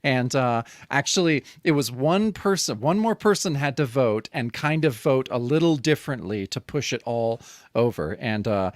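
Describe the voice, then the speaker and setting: A man's voice: mid-range voice, animated, normal speed, no echo, studio quality. A man co-hosting a podcast, rambling and laughing, swearing now and then in casual chat. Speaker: podcast co-host.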